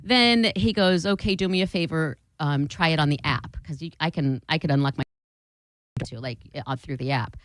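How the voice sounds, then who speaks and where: A young woman tells a long story in casual chat on a studio mic, low-voiced and lively, swearing freely and acting out every line people said. The sound is dry and close, with no room around her. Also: a little fast, no room sound. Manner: animated, swearing, acts out quotes.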